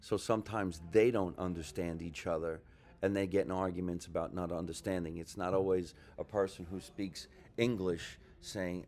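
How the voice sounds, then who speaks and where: A man's voice: sits low, steady tone, fairly quick, a little mellow. A male comedian hosting a podcast in a ship lounge, chatting enthusiastically and asking his guest questions. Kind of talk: casual podcast chat. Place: ship lounge before a show.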